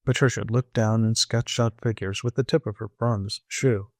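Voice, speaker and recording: A man narrating an audiobook in a measured, clear storytelling manner on a close microphone. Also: fairly low pitch, steady tone, no echo. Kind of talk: scripted narration.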